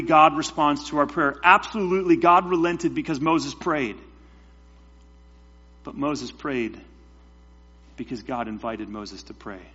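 A man's voice: on the high side, a bit bright, husky. A man preaching a sermon as pastor, emphatic, with rhetorical questions and repetition. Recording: dull lo-fi sound with mains hum.

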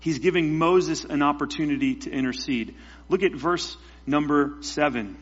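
A man preaching with a slightly husky, somewhat high voice. He presses his points with rhetorical questions and repeated phrases. The recording is dull and lo-fi, with a mains hum underneath. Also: normal speed. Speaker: pastor. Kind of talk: sermon.

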